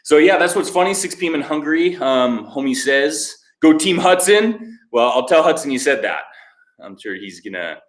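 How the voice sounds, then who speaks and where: A man's voice: medium pitch, animated, normal speed. A man hosting a fitness livestream, chatting casually and upbeat as he greets viewers by name and reads their comments aloud. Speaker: fitness show host. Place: home workout space. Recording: echoey room.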